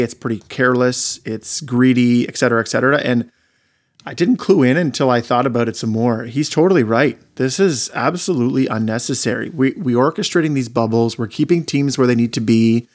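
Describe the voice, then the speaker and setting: A man co-hosting a casual sports podcast, talkative and opinionated, leading the conversation. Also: mid-range voice. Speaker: podcast co-host.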